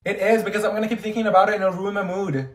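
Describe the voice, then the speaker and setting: A man doing a very high, sassy teenage schoolgirl. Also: flat delivery, racing, echoey room, natural voice. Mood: pestering. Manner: snappy, sarcastic, swears when annoyed. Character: sassy bratty teenage schoolgirl, easily exasperated. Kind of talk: comedy sketch acting.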